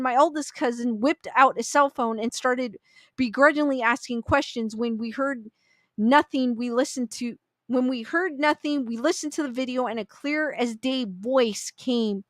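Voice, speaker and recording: A woman's voice: fairly high pitch, a bit bright, dry recording. A woman reading online ghost stories aloud in a casual, chatty way, with little asides. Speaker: story reader.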